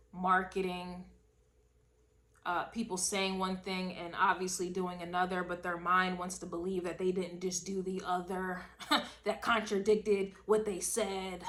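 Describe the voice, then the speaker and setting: A woman giving a casual spoken tarot reading, emphatic and slangy, repeating a refrain and swinging between loud bursts and low asides. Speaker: tarot reader.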